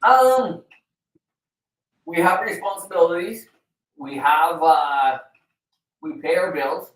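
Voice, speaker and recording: A man's voice: on the high side, slow, a bit bright. A man co-hosting a casual chat show, rambling with lots of fillers and easy swearing. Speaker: show co-host. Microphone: video call. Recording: roomy, distant from the mic.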